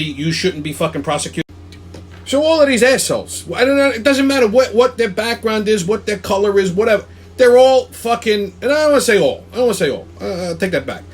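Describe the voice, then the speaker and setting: A man hosts his own weekly commentary show and rants in an angry, foul-mouthed flow. His voice sits high for a man and has a husky edge. He keeps asking "okay?" and trips over his words as he pushes on. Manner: profane, combative, repeats "okay?" and restarts words. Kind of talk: angry opinion rant.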